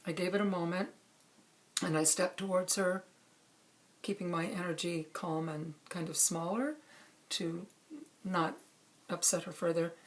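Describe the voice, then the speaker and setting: A middle-aged woman calmly telling a true personal story, with measured pauses. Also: lowish voice, creaky. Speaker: speaker sharing a personal story.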